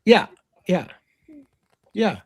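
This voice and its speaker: A man's voice: high-pitched, big pitch swings, drawn-out words, a little mellow, breathy edge. A man hosting a casual livestream talk show, speaking in a friendly, easygoing way.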